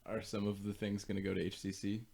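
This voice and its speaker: A man's voice: fairly low pitch, completely flat delivery, quick pace, gravelly, dark tone. A man co-hosting a casual podcast, chiming in with dry, teasing remarks. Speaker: podcast co-host.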